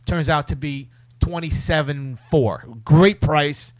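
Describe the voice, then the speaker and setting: A man's voice: fairly high pitch, slow, no room sound, studio quality. A man telling stories in casual, crude banter as a podcast co-host, often mimicking other people's voices. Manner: animated storyteller, mimics voices.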